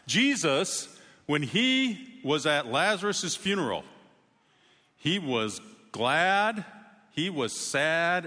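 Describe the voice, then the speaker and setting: A man preaching a sermon in a conversational way, with sudden emphatic rises in pitch. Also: bright, forceful tone, long reverb tail. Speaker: pastor.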